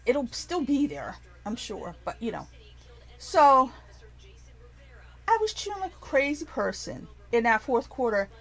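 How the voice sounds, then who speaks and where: A woman ranting casually to her viewers, animated and profane, rambling with frequent restarts. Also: fairly high pitch, a little slow, pauses often, low-quality recording. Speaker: vlogger. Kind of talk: casual rant to camera.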